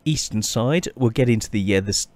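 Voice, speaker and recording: A man giving casual, chatty gameplay commentary as a channel host, often pausing and restarting his sentences. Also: medium pitch, animated, darkish tone, no room sound. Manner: chatty, halting, many restarts and fillers.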